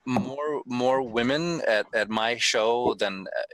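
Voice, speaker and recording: A middle-aged man talking as a guest in a casual podcast chat, emphatic and animated, with lots of restarts and the odd swear word. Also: mid-range voice, takes it slowly, crowd noise, poor audio. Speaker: convention owner, guest.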